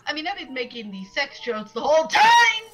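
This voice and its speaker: Bright high-voiced woman streamer. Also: sing-song, fairly quick. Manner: giggly, teasing. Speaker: streamer host. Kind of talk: casual group chat.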